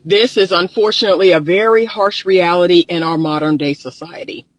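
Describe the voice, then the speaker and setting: Out in the sun, a relationship therapist films casual vlog commentary on his phone, held or propped close by, sounding groggy from the morning. He speaks high-pitched and fairly quick with fairly even intonation, stressing and repeating points straight to viewers. There's no room sound, but the audio is low quality.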